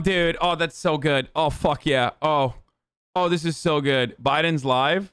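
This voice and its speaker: A man's voice: a little high, measured pace, a bit bright, smooth, dry recording, clean studio sound. A male streamer giving casual, sarcastic and profane commentary on the news.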